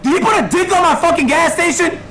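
A young man streaming a game, loud, profane and excitable, talking to his chat. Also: extremely high pitch, fast, slight background noise. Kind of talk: gaming livestream commentary.

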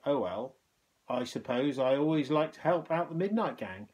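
A man voicing a kind, humble, cheerful hospital porter in a children's storybook reading, with a gentle, polite manner. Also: medium pitch, expressive, normal speed, natural voice. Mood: kindly.

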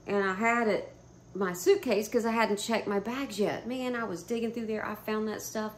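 A woman vlogger telling a story to camera in a casual, animated way, swearing freely and often breaking into laughter. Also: medium pitch, normal speed, a little hiss or hum. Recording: roomy echo.

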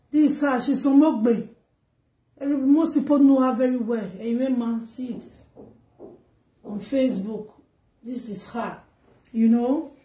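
A woman speaking Nigerian Pidgin English tells an emotional gossip story as a vlogger, her voice rising and growing loud when she gets upset. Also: sits high, roomy sound. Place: home in Germany.

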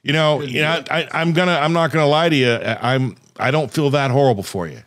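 A man's voice: fairly high pitch, a little fast, a bit bright. A man hosting a podcast, chatting casually and teasing his guest with a joke. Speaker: podcast host. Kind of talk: casual chat.

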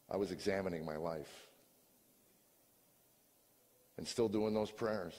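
An older man, a comedian, giving a personal testimony in a storytelling way, dropping to quiet talk and rising to shouts. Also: low-pitched, normal speed, in a large hall. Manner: storytelling, swings from hushed to shouting.

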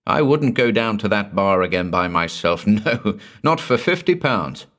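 A man's voice: lowish voice, sing-song, measured pace, a bit bright, pitched above the performer's own voice. A man voicing a timid, frightened male inn waiter who talks in an anxious, sheepish way. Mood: fearful.

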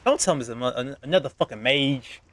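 A man's voice: mid-range voice, lively intonation, fast talker, a bit bright. A young man giving casual gameplay commentary, muttering and cursing in frustration at the game. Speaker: gaming channel host.

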